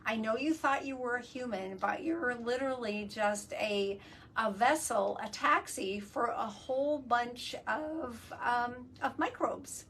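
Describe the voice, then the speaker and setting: A woman's voice: fairly high pitch, a little slow, a bit bright. A woman hosting a casual live video chat from a work studio. She explains things eagerly and uses many fillers. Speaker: host. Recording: distant mic, faint ambient noise.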